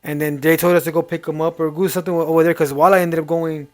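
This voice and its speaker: Choked-up young man with a higher voice. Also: flat delivery. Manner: halting, choked up, apologetic. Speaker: podcast co-host, brother. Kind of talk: emotional personal storytelling.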